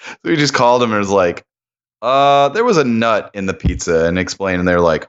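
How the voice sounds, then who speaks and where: A man's voice: fairly low pitch, big pitch swings, normal speed, dull audio. A man co-hosting a podcast in casual chat, laughing often and making blunt, jokey remarks. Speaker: podcast co-host.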